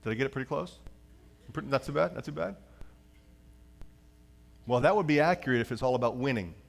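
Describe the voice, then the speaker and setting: A male pastor preaching a sermon in an animated way. He leads the congregation in reading aloud. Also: medium pitch, fast talker, gravelly. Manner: animated preaching, slips into acted voices.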